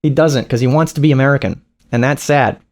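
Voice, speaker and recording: A man's voice: medium pitch, quick pace, darkish tone. A man doing profane, mocking reaction commentary over a video. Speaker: reaction streamer.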